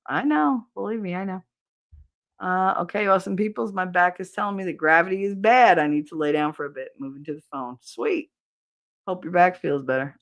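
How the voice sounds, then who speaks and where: A middle-aged woman hosting a podcast, telling stories in a casual livestream chat with viewers. She laughs often and swears freely. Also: low voice. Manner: animated, laughing storyteller who swears freely. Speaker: podcast host.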